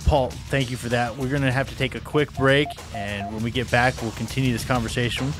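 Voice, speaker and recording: A man's voice: mid-range voice, fairly even intonation, brisk, over music. A man hosting a podcast in a casual way, often stumbling and repeating words as he talks. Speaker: podcast host.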